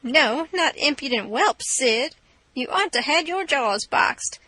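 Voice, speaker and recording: A flustered older Southern aunt with a sharp tongue, her voice pitched high and bright, as a woman reader puts her on. She scolds indignantly, in a dry, close recording. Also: expressive, slow, no room sound, full character voice.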